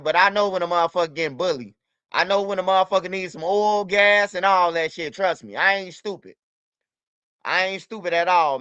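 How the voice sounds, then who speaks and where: High, bright-voiced man ranting on a stream. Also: smooth, no echo, muffled recording. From United States. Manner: loose, profane, repetitive street talk. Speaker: livestream host. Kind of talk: casual livestream talk.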